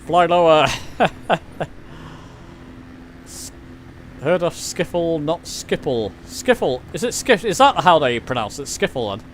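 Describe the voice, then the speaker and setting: English male streamer, middle-aged, slightly high voice, chatty self-deprecating live commentary, faint noise in the background. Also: sing-song, unhurried, pauses often, fairly bright tone. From England. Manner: chatty, self-deprecating, reads chat aloud. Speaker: flight sim streamer.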